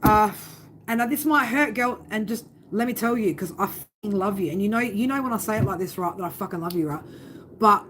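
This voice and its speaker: A woman reads tarot live for her viewers, with a medium voice that is neither high nor low. She talks straight, giving tough love and swearing freely, and keeps checking in with "right?". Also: noisy background. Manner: blunt, swearing, fond tough-love talk with many "right?" tags. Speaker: tarot reader.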